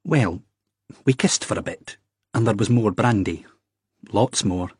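A man voicing an anxious, earnest young Scottish man who talks in a halting, hesitant way, with a Scottish accent. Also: fairly low pitch, a little mellow, slightly rough, no echo, clean studio sound. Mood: embarrassed, halting. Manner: hesitant, halting, drawn-out reasoning.

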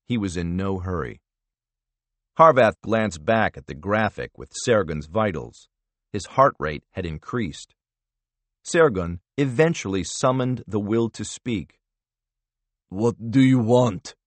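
A man narrating a thriller audiobook in a measured, expressive storytelling manner. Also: deep voice, no echo.

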